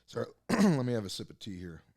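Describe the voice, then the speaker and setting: A man's voice: mid-range voice, darkish tone, slightly rough, no echo. A man hosting a podcast, giving a casual, rambling film review with lots of fillers and restarts and the odd curse, close on a mic. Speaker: podcast host. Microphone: close desk mic.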